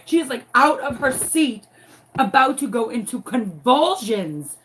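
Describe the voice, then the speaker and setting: A woman telling a dramatic story in a casual, animated way while crafting at home. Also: a little high, moderate pace, slight background noise. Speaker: crafting vlogger and teacher.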